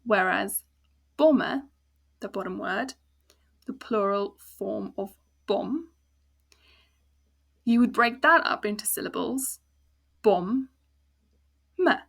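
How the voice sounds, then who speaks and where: A woman's voice: mid-range voice, vocal fry, fairly bright tone. A woman with a South African accent teaching a language lesson, patiently breaking words into sounds and syllables. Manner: patient, slow explaining with spelled-out sounds. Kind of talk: casual spoken lesson.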